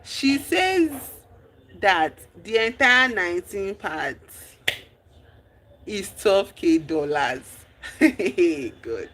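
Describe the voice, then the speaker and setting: A streamer, recapping a movie in casual chat, telling the story with lively exclamations and acting out the characters' lines. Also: mid-range voice, very slow, pauses often, slight background noise. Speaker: livestream host.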